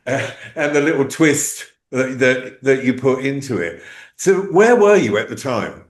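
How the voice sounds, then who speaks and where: A man's voice: mid-range voice, a little slow. Male interview host in a roomy room. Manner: relaxed, musing, many fillers. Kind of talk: conversational interview. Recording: roomy echo.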